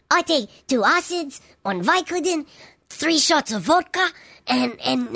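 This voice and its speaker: A woman's voice: high-pitched, a bit bright, no room sound, studio quality, heavily acted. A woman doing a slurring, wasted weatherman. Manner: slurred, drifting, complaining with swearing. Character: wasted, miserable stoner weatherman. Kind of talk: comedy radio sketch.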